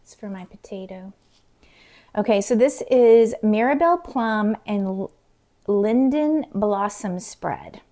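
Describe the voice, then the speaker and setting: A middle-aged woman chatting casually to camera in her home kitchen, talking to herself and dropping into soft whispered asides. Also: medium pitch, animated, slow pace. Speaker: vlogger.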